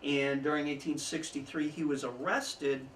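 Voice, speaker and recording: A man's voice: on the high side, moderate pace. Man telling history in an echoey room. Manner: storytelling, chuckling asides, lively emphasis. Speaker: history speaker. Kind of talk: informal history talk to an audience. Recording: echoey room, mic at a distance, faint background noise.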